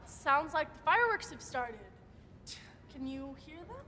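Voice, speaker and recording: A woman playing an anxious teenage theater student in scripted TV dialogue, talking quickly and with worry. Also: high-pitched, big pitch swings, a crowd in the background. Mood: light. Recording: TV clip with music behind.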